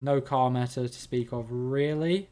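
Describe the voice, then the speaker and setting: A man's voice: mid-range voice, unhurried, dark tone. A man hosting a live game stream, chatting with viewers and thinking aloud as he plays.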